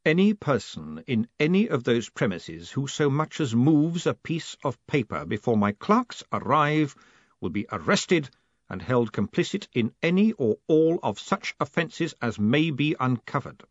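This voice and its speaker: A man voicing a cold, commanding male city ruler who speaks in a measured, precise, quietly menacing way. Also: mid-range voice, very animated, no room sound, dull audio, pitched above the performer's own voice. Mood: cold calm.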